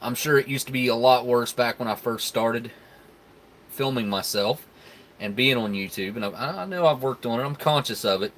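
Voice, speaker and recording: A man's voice: medium pitch, moderate pace, fairly bright tone, slight background noise. A man, hosting a casual live stream where he tastes food and chats with viewers in a laid-back, rambling way. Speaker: live stream host reviewing military rations.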